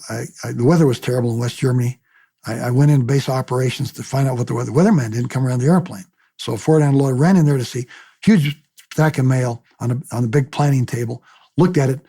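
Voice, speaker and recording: A retired military pilot in his later years tells his memories for an oral-history interview. His voice is gravelly and husky, with a dark, mellow tone. He tells the story in a lively way, acts out the people he quotes, and repeats words as he finds his place. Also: medium pitch. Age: older. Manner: repeats words when he restarts.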